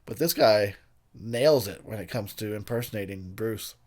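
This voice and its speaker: A man's voice: lowish voice, moderate pace, darkish tone. A man giving casual movie commentary while intoxicated, rambling and profane, laughing often and losing track of names mid-sentence. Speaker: film commentator.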